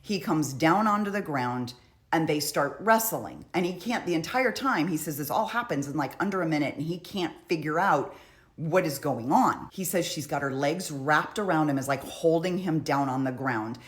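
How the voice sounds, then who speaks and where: This true crime commentator has a low voice and lively intonation, speaking at a normal pace. She chats her way through courtroom testimony conversationally, often saying "like" and "you know."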